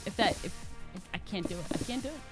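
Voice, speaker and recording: A woman's voice: mid-range voice, expressive, rapid-fire. A woman from Pennsylvania co-hosting a game stream, playful and giggly in casual chat. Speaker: streamer co-host. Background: game music.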